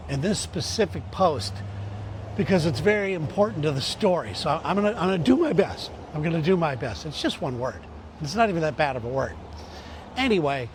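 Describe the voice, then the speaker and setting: A middle-aged comedian talks straight to his camera in a loose, chatty storytelling voice. His voice sits high for a man, and he livens up when he quotes his friend. A faint hum of noise runs under the recording. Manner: casual, animated retelling with quoted voices. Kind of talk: storytelling vlog.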